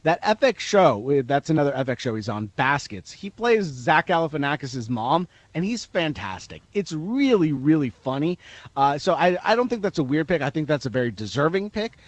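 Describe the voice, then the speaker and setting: A man's voice: a little high, sing-song, normal speed, no echo. A man reporting as an entertainment correspondent in a radio interview, chatty and laughing as he tells anecdotes.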